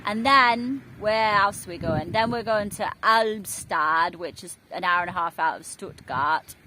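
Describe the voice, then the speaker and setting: A woman's voice: medium pitch, measured pace, low-quality recording. A woman, rambling chattily and mocking herself as she vlogs outdoors next to a main road. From England. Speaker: vlogger. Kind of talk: casual vlog talk to camera. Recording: loud road noise outdoors. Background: loud traffic noise.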